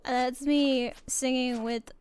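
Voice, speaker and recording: A woman's voice: high voice, fairly even intonation, slow pace, darkish tone, slight background noise. A young Australian woman chatting casually while streaming a game, rambling and giggling as she talks. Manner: rambling, giggly, self-interrupting. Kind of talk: casual gaming stream chat.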